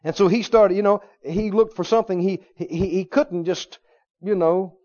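A man's voice: high-pitched, fairly even intonation, moderate pace, darkish tone, lo-fi sound. A male preacher delivering a sermon emphatically, firing rhetorical questions at his listeners.

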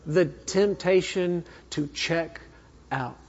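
A man preaching a sermon as a minister, telling a personal story in an earnest way that swings between fervent and hushed. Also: on the high side, takes it slowly. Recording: echoey hall, dull sound.

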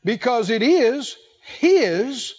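A male pastor preaching a sermon, emphatic, with drawn-out phrasing and call-and-response. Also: very high-pitched, big pitch swings, a little mellow, highs cut off.

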